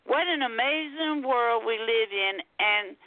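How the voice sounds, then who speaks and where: Slow-reading woman caller over a phone. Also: a little high, lively intonation, no room sound. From Texas. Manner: slow, deliberate reading, says quote and end quote. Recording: tinny phone line.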